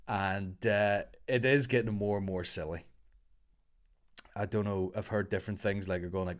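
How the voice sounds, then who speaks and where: A man's voice: low-pitched, a little fast. A man, a comedian, rambling and swearing through a casual podcast monologue. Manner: rambling, sweary, laid-back.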